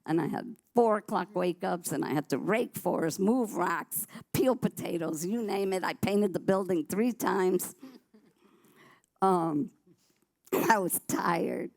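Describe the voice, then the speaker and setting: A woman's voice: fairly low pitch, slow pace, creaky, a little mellow. A woman sharing her personal testimony on a church talk show, telling her story vividly and animatedly, often restarting her sentences.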